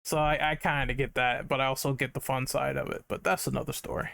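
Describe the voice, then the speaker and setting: A man's voice: medium pitch, level tone, fast talker, creaky, a bit bright, clean tone, dry recording. A man hosting a casual gaming podcast, talking in an upbeat, rambling way with lots of fillers. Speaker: podcast host.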